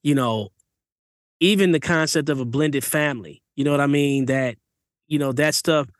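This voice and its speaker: A man's voice: a little high, moderate pace, no echo, studio quality. A man in casual conversation, talking things through in a reflective way with many fillers. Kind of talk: casual chat.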